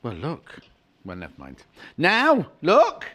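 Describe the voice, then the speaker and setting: Lively, chatty shopping-channel man. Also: a little high, slow pace. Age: middle-aged. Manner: chatty, gushing, jokey asides. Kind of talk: live home-shopping fabric chat.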